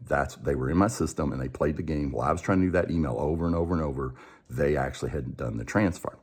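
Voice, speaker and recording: A man who coaches and hosts a show tells a personal story in a conversational way, acting out the dialogue and often restarting his sentences. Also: a bass voice.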